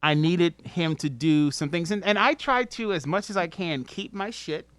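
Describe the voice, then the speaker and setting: Middle-aged man, swearing storyteller, bright forceful tone, acts out his own angry rants. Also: a little high, moderate pace, no echo. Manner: animated, swears freely, acts out angry quotes. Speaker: podcast guest, restaurant veteran. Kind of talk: casual profane storytelling.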